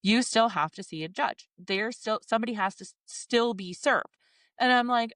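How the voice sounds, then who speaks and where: A woman's voice: a little high, normal speed, fairly bright tone, no room sound, clean studio sound. A woman in her forties talking candidly and emotionally, swearing and acting out her own inner thoughts in a podcast chat. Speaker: podcast co-host.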